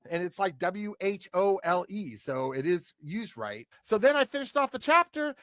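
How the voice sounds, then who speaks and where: A man co-hosting a podcast, talking through a book chapter in a playful way. His pitch swings widely as he acts out quotes. The sound is dry and close, with no room echo. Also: very animated, moderate pace, hardly any pauses, fairly bright tone. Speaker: podcast co-host. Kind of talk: casual book discussion.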